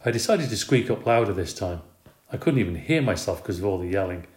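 A man reads a children's storybook aloud with lively expression. His voice sits on the low side. The recording carries a noticeable room echo. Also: brisk. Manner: expressive, animated reading. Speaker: reader. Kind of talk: storybook narration. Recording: roomy recording.

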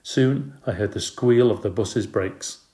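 A man reading a children's storybook aloud in a steady, expressive way. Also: lowish voice, a little slow. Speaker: audiobook narrator. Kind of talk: storybook narration.

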